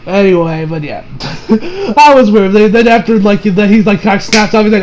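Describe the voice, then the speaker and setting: A man's voice: high-pitched, lively intonation, moderate pace. A man giving a casual anime episode review in a rambling, slangy way, full of fillers and loose asides.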